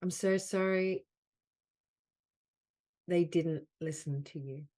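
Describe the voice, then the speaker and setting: A woman with a low, warm voice leads a guided healing session over a video call. She speaks in slow, soothing phrases and repeats each one gently. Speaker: soul mentor leading a group call.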